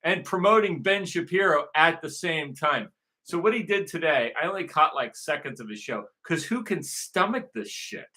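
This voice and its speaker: Man host, ranting monologue, bright sharp tone, fairly high voice. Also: lively intonation, moderate pace. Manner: repetitive, profane, emphatic. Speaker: show host.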